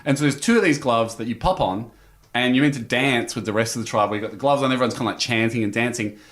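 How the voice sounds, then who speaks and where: A man's voice: mid-range voice, fast talker, fairly bright tone. A man, a podcast guest telling a long story in casual chat and acting out the quotes as he goes. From Australia.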